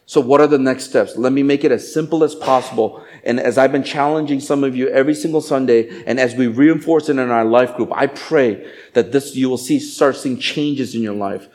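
Man, pastor, sermon, animated, joking, acts out quick voices, middle-aged, mid-range voice. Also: medium pitch. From Asian family background.

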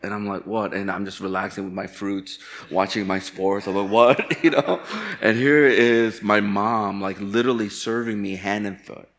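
A man from Chicago delivers a sermon as a pastor, with a voice that sits on the lower side. He talks candidly, weaving personal stories into the message and poking fun at himself. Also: fairly even intonation, normal speed, fairly bright tone. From Chicago, USA. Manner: candid, storytelling with self-deprecating humor.

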